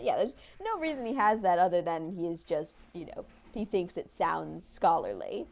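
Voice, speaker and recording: Animated rambling woman in her twenties. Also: lowish voice, moderate pace, vocal fry, hardly any pauses, a little hiss or hum. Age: 20s. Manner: animated, rambling, many restarts and laughs. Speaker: podcast co-host. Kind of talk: casual chat.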